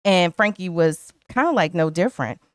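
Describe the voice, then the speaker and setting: A woman's voice: lowish voice, animated, normal speed, clean tone, no echo, clean studio sound. A woman co-hosting a podcast, chatting casually about a film and retelling its scenes. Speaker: podcast co-host.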